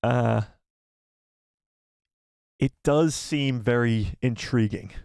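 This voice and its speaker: A man hosting a casual live stream, animated and self-deprecating, who laughs often. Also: mid-range voice, very slow, creaky, smooth, dry recording, studio quality. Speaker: livestream host.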